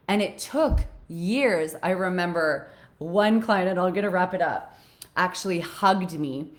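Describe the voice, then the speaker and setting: A woman life coach talking casually to her viewers in an earnest way, growing animated as she retells a story. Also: lowish voice, a little slow. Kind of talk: casual live video talk.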